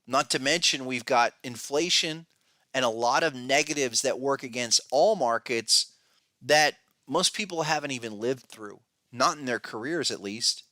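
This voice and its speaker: A man hosting a podcast talks through his market views in a bright, edgy voice. He speaks emphatically and restlessly, breaking off and restarting his sentences. The sound is close and dry, with no room around it. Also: medium pitch, normal speed, dry recording. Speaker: podcast host, trading educator. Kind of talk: casual podcast commentary.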